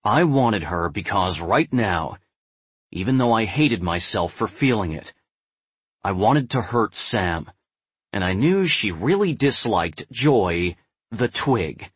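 A young adult man narrating a first-person novel in a measured, brooding way. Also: lowish voice, big pitch swings, husky, no echo. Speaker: audiobook narrator.

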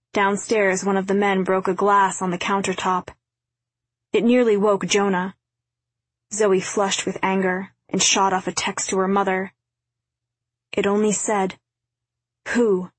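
A woman reading a novel aloud as narrator, in a quiet, even storytelling delivery. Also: medium pitch, breathy edge, no room sound. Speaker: audiobook narrator. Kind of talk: scripted narration.

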